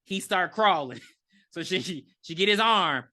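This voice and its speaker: A podcast co-host recapping a horror movie in casual chat, animated and swearing freely. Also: mid-range voice, a little slow.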